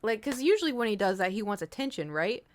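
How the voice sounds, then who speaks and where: A woman's voice: mid-range voice, sing-song, fast talker. A woman streamer chatting casually with viewers, telling a rambling story with swearing and the odd whispered aside. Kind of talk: casual chat.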